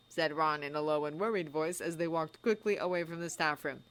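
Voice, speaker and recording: A woman narrating a fan-written story in an expressive, audiobook reading style. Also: low-pitched, fairly quick. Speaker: fanfiction reader.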